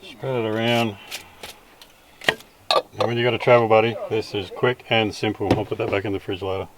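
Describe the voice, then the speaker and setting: A man's voice: on the low side, normal speed, background noise. A man chatting casually while he cooks lunch outdoors and drives a bush track. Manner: relaxed, chatty, talks while cooking and driving. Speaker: vlogger. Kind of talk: casual vlog narration. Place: outdoors at a bush campsite and in a vehicle.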